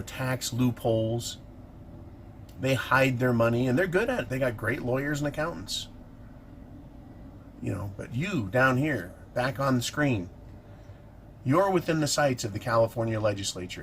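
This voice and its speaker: Middle-aged man, angry sarcastic vlog rant, mid-pitched voice, faint background hiss. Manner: indignant, sarcastic, animated. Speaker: political commentator. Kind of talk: ranting vlog monologue.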